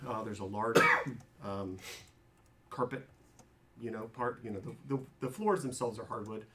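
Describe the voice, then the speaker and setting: A man's voice: lowish voice, unhurried, slight background noise. Man rambling as game master. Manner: rambling descriptions with many fillers. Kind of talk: narrating a tabletop game.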